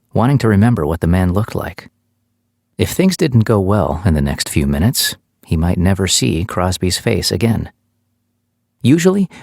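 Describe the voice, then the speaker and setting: Male audiobook narrator, low voice, steady measured read, dry close mic. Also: dry recording.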